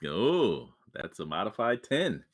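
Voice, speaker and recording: A man's voice: fairly low pitch, very animated, takes it slowly. A man playing a tabletop game, hesitant and full of fillers. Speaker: player. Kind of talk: casual tabletop game play.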